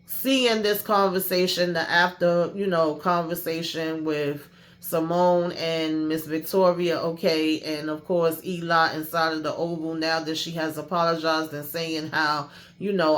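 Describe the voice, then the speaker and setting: A woman hosting a casual TV episode recap who talks in an animated, slangy way and acts out the characters. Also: low-pitched, measured pace. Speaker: YouTube TV recap host.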